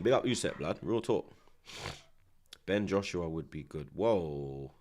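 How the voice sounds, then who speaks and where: Lively low-voiced man chatting. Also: unhurried, long pauses. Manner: slangy and rambling, with frequent restarts and tags. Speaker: watchalong host. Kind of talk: casual live commentary chat.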